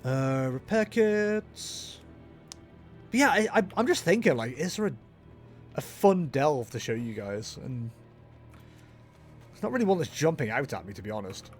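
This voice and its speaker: A man's voice: mid-range voice, sing-song, moderate pace, long pauses, faint music behind. A young man giving casual, jokey gameplay commentary as a streamer, chatting with his viewers. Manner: jokey, self-mocking, chatty with chat. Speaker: game streamer.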